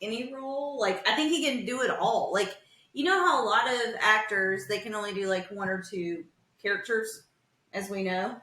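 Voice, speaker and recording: A woman's voice: medium pitch, normal speed, pushed and bright, reverberant. A woman with a Southern US accent co-hosting a podcast, emphatic and freely swearing. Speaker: podcast co-host. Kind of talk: casual chat.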